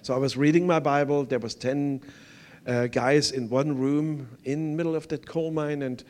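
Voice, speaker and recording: An older guest pastor with a German accent delivers an earnest testimony, his English halting and filler-heavy. His voice is fairly high, steady in tone, and a little mellow.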